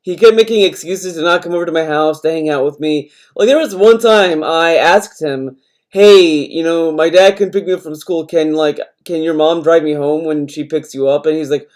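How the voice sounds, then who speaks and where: Young guy streamer ranting, swears a lot, rambly, kinda high voice. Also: normal speed, darkish tone. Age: young adult. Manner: profane, rambling rant. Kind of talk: casual chat.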